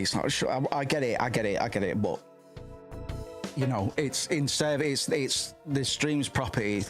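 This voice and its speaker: A man hosting a livestream in casual chat, rambling and excitable with lots of swearing, from his home streaming setup. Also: mid-range voice, normal speed, faint music behind. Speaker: livestream host.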